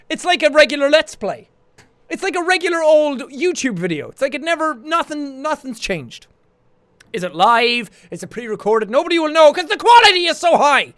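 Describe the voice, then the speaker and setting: A man hosting a casual livestream, chatting in a jokey, excitable way, with bursts of shouting and laughter. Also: extremely high pitch, moderate pace, dry recording. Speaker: livestream host. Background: faint background music.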